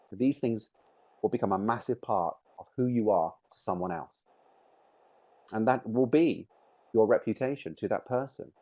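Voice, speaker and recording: A man's voice: lowish voice, mellow, highs cut off. A middle-aged man presenting a webinar, speaking with emphatic, shifting stress on key words. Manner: emphatic, varies stress on words to make points.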